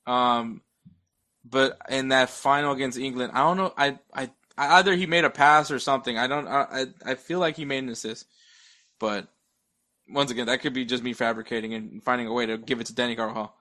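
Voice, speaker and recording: A young man talking sports as a podcast guest, tripping over his words and starting sentences again and again. His voice is bright and forceful, at a middle pitch, and he chuckles between his points. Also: brisk. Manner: stammers and restarts often, chuckles between points. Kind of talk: casual sports chat.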